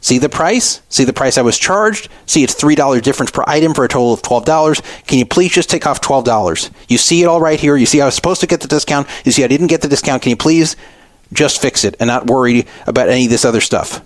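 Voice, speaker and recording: A man's voice: medium pitch, fast, dry recording. A middle-aged man hosting a radio show, recounting a frustrating store encounter in an aggrieved storytelling monologue. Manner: aggrieved, re-enacting arguments.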